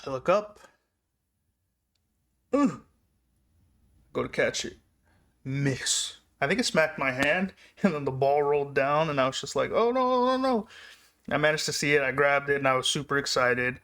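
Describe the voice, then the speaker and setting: A young man casually recounting personal memories in a rambling, laughing way. His voice sits at a middle pitch and he grows excited as he relives the moments. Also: normal speed. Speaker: vlogger. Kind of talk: casual storytelling.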